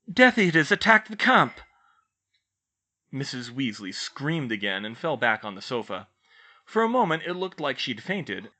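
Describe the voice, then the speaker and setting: Lively bright-voiced male storyteller. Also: medium pitch. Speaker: audiobook reader. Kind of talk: fan fiction audiobook narration.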